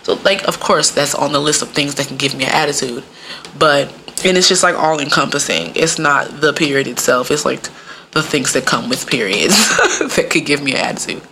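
A woman's voice: deep voice, moderate pace, sharp tone, slight background noise. A young woman telling stories in a casual monologue, rambling and profane, laughing often and filling her talk with "like".

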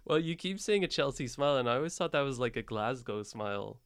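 Smooth-voiced man in casual podcast chat. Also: medium pitch, quick pace, no room sound, clean studio sound. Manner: relaxed, laughs often, hesitant restarts. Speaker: podcast co-host.

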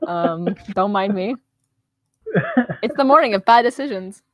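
A woman playing a tabletop game in casual, excitable, giggly chat. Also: medium pitch, unhurried, pauses often, dry recording. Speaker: player.

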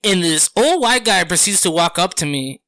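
A man tells a story on a casual podcast, high-pitched and animated, swearing freely as he acts out quotes. His voice is bright and forward. The room sounds dry and close. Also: normal speed, no echo.

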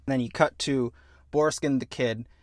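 Man, mid pitch, casual podcast co-host pitching a story, animated and profane, dry close sound. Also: moderate pace, no room sound. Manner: animated, acts out characters with profanity.

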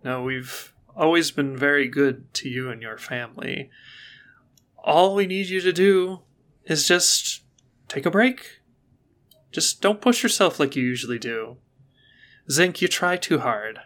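A man's voice: on the high side, measured pace, long pauses, fairly bright tone. A man doing a sultry scheming woman. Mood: coaxing. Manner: smooth, coaxing, patronizing.

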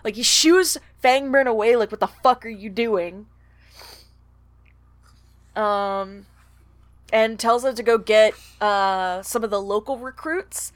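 High-voiced woman in dry close sound. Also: no room sound. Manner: blunt, swears freely, reads passages aloud. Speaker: podcast co-host. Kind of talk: casual book discussion podcast.

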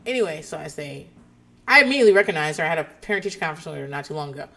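Woman, 30s, podcast host; profane, animated storyteller who laughs a lot. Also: low-pitched, rapid-fire, gravelly. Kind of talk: casual storytelling chat.

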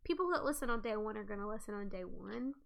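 A woman in her thirties, co-hosting a podcast in casual chat, loud and laughing and swearing freely. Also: medium pitch, fast, creaky, a crowd in the background. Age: 30s. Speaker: podcast co-host.

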